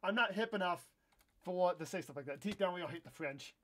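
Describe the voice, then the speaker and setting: A young American man with a notably high voice, streaming a game live. He rambles and corrects himself as he chats, breaking into excitable outbursts now and then. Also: brisk. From United States. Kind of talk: casual live-stream chat while gaming.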